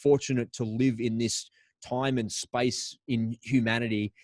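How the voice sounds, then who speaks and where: A man's voice: medium pitch, little pitch movement, a little slow, darkish tone, no echo, studio quality. A man with an Australian accent, a podcast guest telling stories in a casual, upbeat way with plenty of slang. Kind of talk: casual interview talk.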